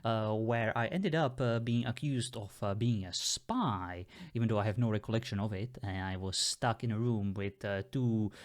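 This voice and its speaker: A man's voice: fairly low pitch, moderate pace, few pauses. A man playing a text adventure who talks in a casual, rambling way. He fills his sentences with "uh" and "like" as he tries to explain himself. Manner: rambling, full of uh fillers. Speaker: player. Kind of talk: casual role-play chat.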